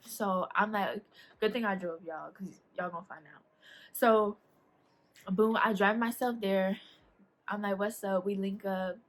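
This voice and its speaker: A young woman, chatting casually as a vlogger through a storytime about a date, animated and laughing as she acts out what people said. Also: on the high side.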